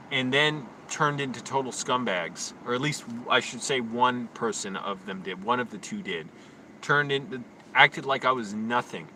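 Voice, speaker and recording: A young man live-streaming outdoors in a park on his phone, rambling to his chat and often ranting loudly. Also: mid-range voice, slight background noise. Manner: rambling, quick to rant and get loud.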